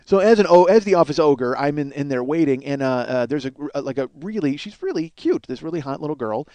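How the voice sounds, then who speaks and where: A middle-aged man rattles through a comic story at a quick clip, rambling and poking fun at himself. His voice sits a little high for a man and sounds dry and close to the mic. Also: lively intonation, warm tone, no room sound. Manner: rambling, self-mocking storyteller. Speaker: podcast host. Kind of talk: casual comedic monologue.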